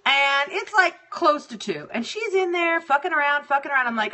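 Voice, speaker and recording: A woman's voice: sits high, expressive, a little fast, hardly any pauses, sharp tone. A woman hosting a show, telling a story about her day in a casual, profane, exasperated way. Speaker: radio show host.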